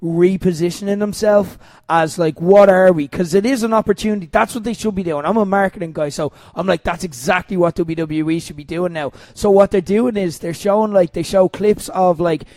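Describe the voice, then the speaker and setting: A man's voice: high voice, brisk, hardly any pauses, darkish tone, no room sound. A man hosting a casual wrestling podcast, rambling with lots of fillers and the odd swear. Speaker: podcast host.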